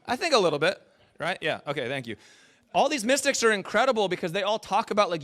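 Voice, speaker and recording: Male pastor, informal sermon, animated and playful with the room, slightly high voice. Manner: animated, jokey, talks with the congregation. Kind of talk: conversational sermon.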